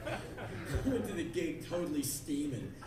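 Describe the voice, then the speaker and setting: Animated male spoken-word storyteller, high, lively voice, echoey club miked from afar with crowd. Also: a little slow. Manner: animated, bursts into yelling and acted-out screams. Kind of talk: live comic storytelling. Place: live club stage before an audience. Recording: echoey club heard from far off, with crowd and noise.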